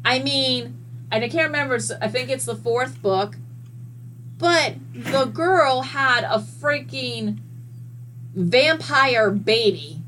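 A woman guest in a casual podcast chat, telling stories in an animated way and swearing freely. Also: high-pitched, slow pace, a little hiss or hum, rough recording. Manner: animated, profane storyteller.

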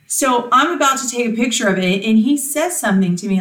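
A woman in her forties chatting casually, telling stories with lively energy and freely swearing. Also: fairly high pitch, a little fast, hardly any pauses. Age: 40s. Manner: animated storyteller, swears freely. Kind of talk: casual chat. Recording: echoey room, distant from the mic.

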